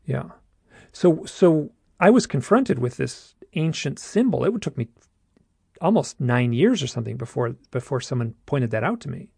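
A man casually recounting a personal experience, halting and restarting often, with a gravelly voice. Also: medium pitch, sing-song, mellow, dry recording. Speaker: guest telling his own story. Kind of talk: casual storytelling.

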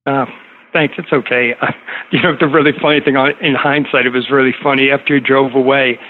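A man's voice: medium pitch, fairly even intonation, fairly quick. A middle-aged man telling a story in casual conversation, rambling with many fillers and restarts. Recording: tinny phone-like line with faint noise.

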